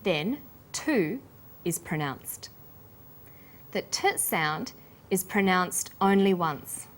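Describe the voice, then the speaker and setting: Slow, deliberate Australian woman teacher. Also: on the low side, animated. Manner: slow, deliberate, clearly articulated. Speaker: English teacher and host. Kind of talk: scripted pronunciation lesson.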